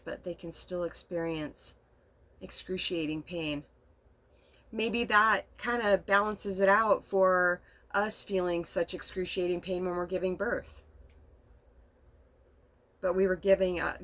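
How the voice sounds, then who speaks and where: A middle-aged woman with a fairly low voice talks to her camera from inside a camper. She rambles softly through a personal story, emotional and quick to laugh, in an unscripted, casual way. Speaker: vlogger.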